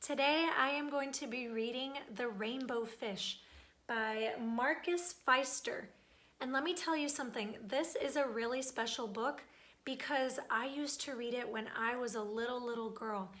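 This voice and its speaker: A young adult woman reading a children's picture book aloud, talking directly to young listeners with lively warmth. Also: a little high, a little slow. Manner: warm, animated, talks to kids directly.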